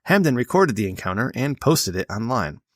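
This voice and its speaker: A man's voice: mid-range voice, big pitch swings, a little fast, dry recording, studio quality. A man hosting a podcast, reading news stories aloud and cutting in with blunt, profane asides. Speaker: podcast host.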